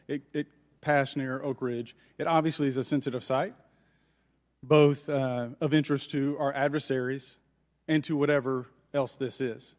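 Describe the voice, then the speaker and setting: A man's voice: medium pitch, darkish tone. Congressman in a reverberant hearing room. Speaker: congressman questioning witnesses. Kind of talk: formal hearing questioning.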